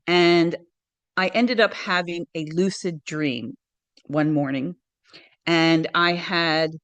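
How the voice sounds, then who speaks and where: A middle-aged woman telling a personal story in an interview, earnest and hesitant, with frequent pauses and restarts. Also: on the low side, fairly bright tone, no room sound. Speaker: interview guest.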